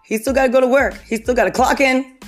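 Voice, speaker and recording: A woman hosting a podcast, riffing in a casual comedic way, animated and jokey, often slipping into quick impressions. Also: sits high, soft background music. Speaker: podcast host.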